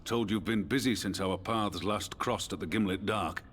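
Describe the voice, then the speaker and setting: A man playing a low-voiced, dignified commander. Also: normal speed, fairly bright tone, soft background music, natural voice. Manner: formal, archaic phrasing. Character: dignified male commander, courteous and steady. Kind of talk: game cutscene voice acting.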